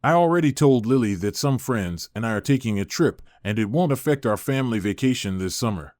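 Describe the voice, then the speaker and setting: A man voicing a calm, self-justifying unfaithful wife in a told story, with a measured, even delivery. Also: medium pitch, no room sound, studio quality, lightly acted. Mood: calm pleading. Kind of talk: storytelling narration.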